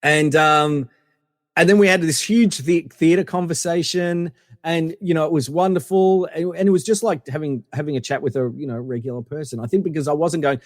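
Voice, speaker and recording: A man chats as a podcast guest, wandering through his stories with plenty of ums and restarts. His voice sits a little high, and the sound is dry and close with a long reverb tail. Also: brisk. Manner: rambling, many fillers and restarts. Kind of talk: casual anecdotal storytelling.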